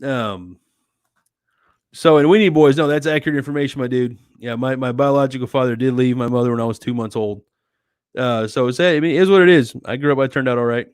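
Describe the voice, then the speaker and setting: An easygoing man hosts a late-night live stream from home. He reads viewer comments aloud and answers them in a chatty, friendly way, calling people sweetie and dude. His mid-pitched voice sounds dry and close, with no room echo. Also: a little fast, clear, resonant tone. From United States. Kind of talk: casual chat reading viewer comments.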